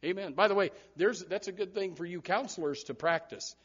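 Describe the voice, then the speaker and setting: Brief: male pastor, high voice, lively sermon delivery with loud bursts, dull lo-fi church recording. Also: brisk, slightly rough. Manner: animated preaching with repeated words and sudden loud rises.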